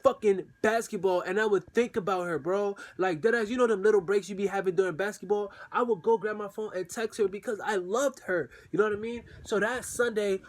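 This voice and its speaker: A man's voice: high voice, a little fast, few pauses. A young man telling a personal story in a casual, slangy way, acting out the messages he sent in quoted voices. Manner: slangy, animated, acts out texts in quoted voices.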